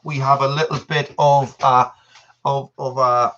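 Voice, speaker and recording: A man in his thirties hosting a live stream, talking in loose, rambling chat and answering viewers as he goes. His voice is bright and forceful. The sound is dull and lo-fi. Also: on the high side, fairly even intonation, a little slow. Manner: rambling and chatty, reading out viewer messages. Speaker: channel host.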